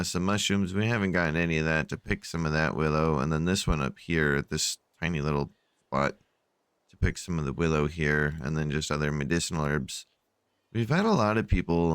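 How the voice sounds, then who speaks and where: A tired man with a very low, smooth, resonant voice talks through his strategy game in a loose, rambling way full of fillers. The sound is dry and close on a desk mic at home. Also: a bit bright, no echo. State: sleepy. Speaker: gameplay channel host. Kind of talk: casual game commentary. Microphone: desk microphone.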